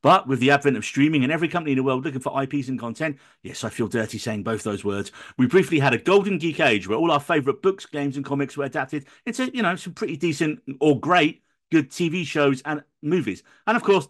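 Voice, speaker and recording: A man hosting a podcast at a rapid clip, his pitch sitting in an ordinary middle range. He banters casually with his co-hosts and reads a theatrical, sweary rant to open the show. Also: fairly bright tone. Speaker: podcast host. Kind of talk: casual podcast chat and scripted intro rant.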